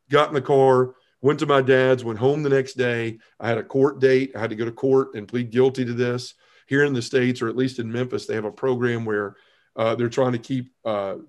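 Earnest man telling his testimony. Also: fairly even intonation. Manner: earnest storytelling, halting restarts, drops low when emotional. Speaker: podcast guest. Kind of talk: personal testimony in conversation.

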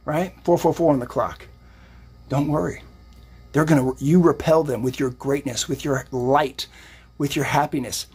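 A man's voice: a little high, fairly even intonation, moderate pace, darkish tone, slightly rough. A man giving a casual, motivational live-stream tarot reading while lifting weights, rambling and upbeat. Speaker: psychic and fitness streamer.

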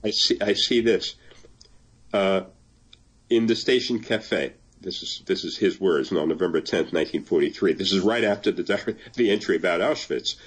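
In a conversational interview, an older man who is translating a memoir speaks thoughtfully as a guest, occasionally laughing and reading passages aloud. His voice is low-pitched and slightly rough, at a moderate pace.

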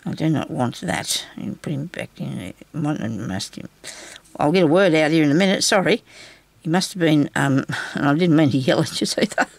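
Woman crafter, gravelly, chatty and reassuring, muttering as she works. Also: sits low, expressive, moderate pace, no echo. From Australia. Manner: chatty, reassuring, talks to herself while working. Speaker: craft tutorial host. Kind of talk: casual craft tutorial talk.

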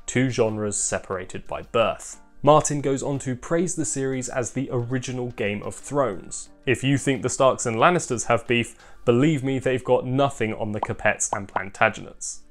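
A young man reads a scripted book review with a wry edge and dry little asides, his pitch sitting in an ordinary middle range. Soft music plays faintly under his voice. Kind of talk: scripted video narration.

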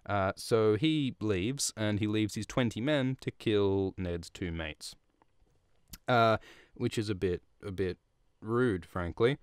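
A man's voice: on the low side, slow pace, clear, resonant tone, no echo, studio quality. A man hosting a podcast, recapping a book in a rambling, profane, casual way with chuckling asides. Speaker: podcast host.

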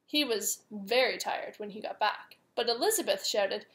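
A woman reading a picture book aloud to young children, with gentle, chatty asides to her listeners. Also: mid-range voice, moderate pace. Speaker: preschool teacher.

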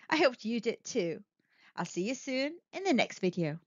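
Slow sing-song woman reading to kids. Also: fairly high pitch, no room sound. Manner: gentle, sing-song and expressive. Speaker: children's storytime reader. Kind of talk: slow expressive read-aloud for young kids. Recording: dull lo-fi dry recording.

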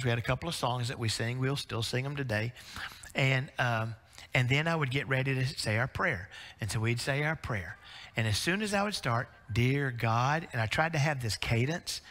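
A middle-aged man preaching a sermon, telling folksy family stories in an animated way. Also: mid-range voice. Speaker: pastor. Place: church sanctuary. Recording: reverberant church sanctuary.

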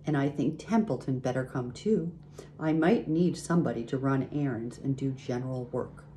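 A gentle, wise spider from a storybook, speaking softly and in measured phrases, as a woman reads her. The tone is calm and assured, a little lighter than a plain reading voice. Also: sits low, slight background noise. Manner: soft and measured.

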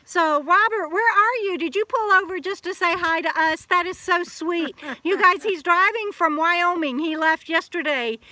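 Bright high-voiced chatty woman vlogger. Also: normal speed, few pauses, no room sound. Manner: chatty, laughing, restarts and stammers. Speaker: vlogger hosting a live chat. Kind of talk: casual live-stream chat. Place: outdoors at a campsite. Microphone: phone camera.

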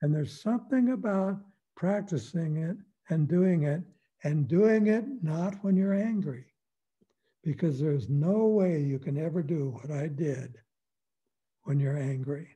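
An older man as a guest expert on a radio interview, calm and folksy, explaining with easy humor. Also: a little high, unhurried, husky, highs cut off. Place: radio studio.

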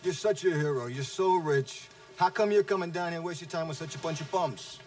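A man's voice: a little high, brisk, lightly acted. Male actor as a bitter salesman, scornful, mocking tone. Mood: sarcastic. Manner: sarcastic, scornful. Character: sneering, resentful male salesman. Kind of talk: film acting.

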